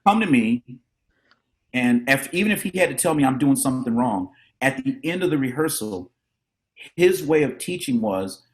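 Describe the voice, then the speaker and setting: A middle-aged man, a drummer and educator, telling animated stories about his mentors as a podcast guest and acting out the voices of the people he quotes. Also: medium pitch, moderate pace. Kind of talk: casual storytelling interview.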